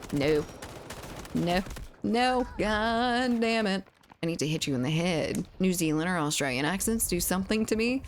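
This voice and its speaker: A woman's voice: lowish voice, animated, moderate pace, a little hiss or hum. A woman with a Southern US accent streaming a game, chatting playfully and reading chat aloud. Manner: chatty and playful, with frequent laughs. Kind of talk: casual chat while gaming, reading chat aloud.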